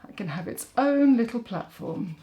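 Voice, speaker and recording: A woman's voice: fairly high pitch, expressive, normal speed, noisy background. A woman, a makeup artist giving a chatty, rambling tutorial and joking at herself as she works. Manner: rambling, self-mocking, talks while working.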